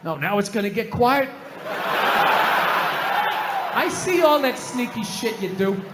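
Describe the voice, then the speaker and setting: A man doing stand-up comedy, shouting a scornful rant at a live audience. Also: sits high, very animated, measured pace, over a noisy crowd, heavy background noise. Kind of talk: stand-up routine. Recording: echoey live venue, loud audience.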